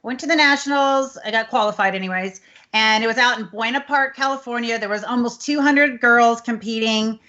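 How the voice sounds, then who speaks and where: Bright-voiced woman from texas rambling. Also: a little high, fairly quick. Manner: rambling storyteller, many fillers like "anyways". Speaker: host. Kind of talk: casual chat, long personal anecdote. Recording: slightly muffled online call audio.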